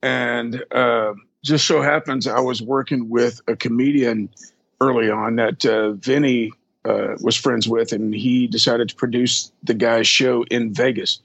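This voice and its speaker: Man, husky and dry, easygoing storyteller with salty language, voices the people he quotes. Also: medium pitch, fairly even intonation, a little slow, fairly bright tone, no room sound, muffled recording. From Texas. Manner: rambling, profane, acts out quoted people. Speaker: drum tech. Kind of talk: casual storytelling interview.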